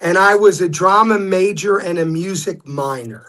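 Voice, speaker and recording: A man's voice: high-pitched, moderate pace. Man telling stories as a guest. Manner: storytelling, animated when quoting others. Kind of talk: casual interview talk.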